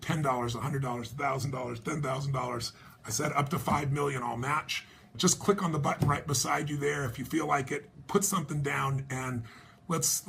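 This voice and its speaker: A man's voice: mid-range voice, creaky, slight background noise. A man telling a personal story and appealing for donations, acting out the dialogue as he goes. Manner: animated storytelling, acts out dialogue.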